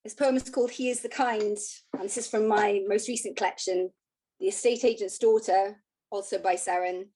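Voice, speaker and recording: A woman, a poet introducing her poems with hesitant fillers, then reciting them in a measured way over a video call. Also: medium pitch, little pitch movement, a little mellow. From Wales. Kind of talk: poetry reading.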